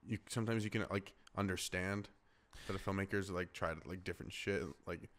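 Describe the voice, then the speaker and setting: A young male podcast host with a somewhat low voice, talking casually. He stops and restarts often and leans on "like" as he searches for words. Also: fairly even intonation, a bit bright, slight background noise. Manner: halting, filler-heavy, many "like"s. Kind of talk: casual chat.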